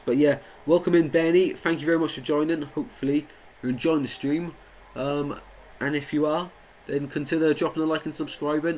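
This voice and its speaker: A man's voice: medium pitch, darkish tone, a little hiss or hum, rough recording. A young man doing live football watchalong commentary, chatting with viewers and getting indignant at the play. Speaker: watchalong streamer. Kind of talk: live match commentary and chat.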